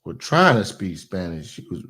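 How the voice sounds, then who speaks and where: A man hosting reaction commentary, ranting loudly and profanely, then dropping to a mutter. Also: low-pitched, sing-song, normal speed, slightly rough. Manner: loud ranting, swings to muttering. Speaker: commentary host.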